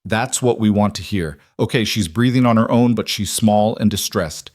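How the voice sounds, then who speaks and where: Male narrator as a calm woman surgeon, terse and steady, story reading. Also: fairly low pitch, normal speed, no echo, clean studio sound, natural voice. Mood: reassuring. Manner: terse and steady under pressure. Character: calm, composed female surgeon in an emergency delivery.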